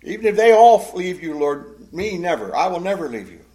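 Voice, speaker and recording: A man's voice: high-pitched, big pitch swings, normal speed, pitched above the performer's own voice. A man voicing an earnest, impulsive fisherman disciple who pleads and insists emphatically. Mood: insistent.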